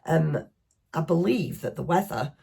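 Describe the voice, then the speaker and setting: Middle-aged Northern English woman, craft vlogger, low and husky, rambling self-deprecating chat. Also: animated, measured pace, mellow. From northwest England.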